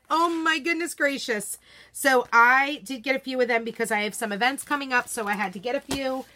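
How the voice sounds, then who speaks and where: A woman's voice: high-pitched, bright, forceful tone. A woman hosting a live craft unboxing stream, bubbly and gushing, greeting viewers by name in casual chat from her desk at home.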